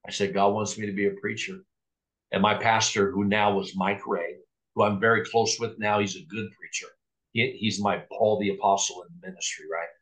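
A man's voice: on the low side, fairly even intonation, normal speed, a bit bright, poor audio. A middle-aged man, a pastor, telling his personal testimony in a podcast interview, acting out remembered dialogue and often restarting with stammered words. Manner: storytelling with reenacted dialogue, frequent stammered restarts.

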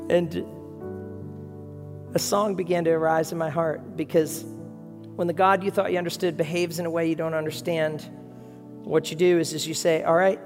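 A man delivers a heartfelt sermon, moving from quiet reflection into earnest storytelling. His voice rings through a church hall with a long reverb. Soft music plays faintly underneath. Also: a little high, level tone, moderate pace, long pauses. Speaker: pastor.

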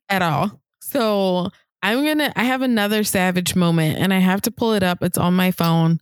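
A woman in her thirties co-hosting a podcast, telling a story casually and acting out the people she quotes in higher voices. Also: unhurried, dry recording, clean studio sound. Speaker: podcast co-host.

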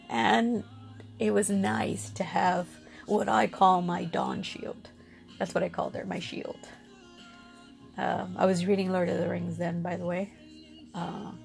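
Gravelly-voiced woman telling her story. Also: mid-range voice, steady tone, unhurried, long pauses, a little mellow, faint music behind. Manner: candid, rambling with restarts and fillers. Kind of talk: personal storytelling.

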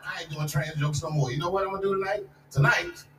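Man in his forties, stand-up set, profane and loose, slightly high voice, distant mic in a roomy hall with crowd noise. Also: quick pace, bright, forceful tone. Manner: profane, loose storytelling building to punchlines. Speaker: stand-up comedian. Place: large live comedy venue. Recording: echoey live venue, distant mic, audience noise.

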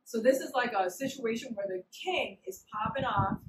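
A woman preaching a casual sermon with slangy, animated storytelling. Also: a little high, normal speed. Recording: roomy, distant, noisy hall.

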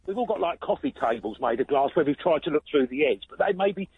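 A man's voice: a little high, animated, quick pace, husky. A man calling in to a radio show with a curious question, laughing easily. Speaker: caller. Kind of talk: phone-in call. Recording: dull phone line.

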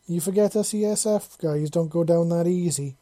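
A narrator voicing a cocky male ex-special forces soldier who jokes and growls softly. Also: mid-range voice, moderate pace, pitched above the performer's own voice, close to an everyday voice. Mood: playful.

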